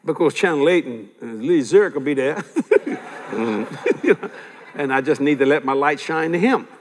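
An older man delivers a sermon in a slightly high voice, spinning lively stories with chuckles and driving his main points home by repeating them. His voice carries a long reverb, as if he is recorded in a large church hall. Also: moderate pace. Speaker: preacher.

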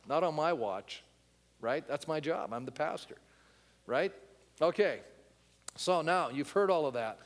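A man's voice: sits high, big-room sound. A male pastor preaching a sermon, blunt and emphatic, talking to the congregation in a conversational way and asking them questions.

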